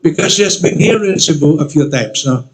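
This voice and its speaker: An older Filipino man gives an archbishop's acceptance speech. His voice sits a little high, and his tone is chatty and self-deprecating. He keeps tagging sentences with a soft "no?". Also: lively intonation, brisk, rough recording. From Philippines, Iloilo. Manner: conversational, keeps adding a questioning "no?" as a tag. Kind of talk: formal acceptance speech with humor.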